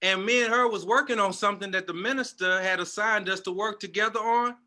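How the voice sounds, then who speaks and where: A man's voice: high voice, fairly even intonation, a little fast, sharp tone. A man telling a passionate personal testimony as a guest, in a storytelling manner.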